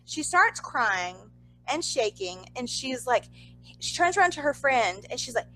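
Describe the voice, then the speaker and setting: A young woman co-hosting a podcast, telling a story in casual chat with animated, exasperated asides. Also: sits high, measured pace, a little hiss or hum, poor audio. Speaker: podcast co-host.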